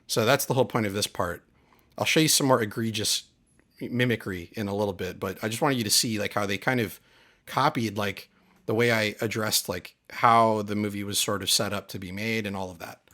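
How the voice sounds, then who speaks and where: A man's voice: on the low side, brisk, bright, forceful tone. A man hosting his channel, talking casually and emphatically, aggrieved and repeating his points. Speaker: channel host. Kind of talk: casual commentary.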